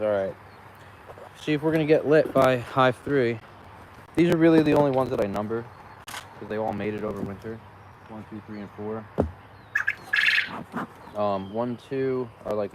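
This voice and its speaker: A man's voice: fairly low pitch, a little mellow. A man vlogging outdoors as he inspects his beehives, chatting casually and talking to the bees. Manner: chatty, talks to the bees, exclaims often. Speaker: beekeeper vlogger. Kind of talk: casual running commentary. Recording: outdoor noise in background.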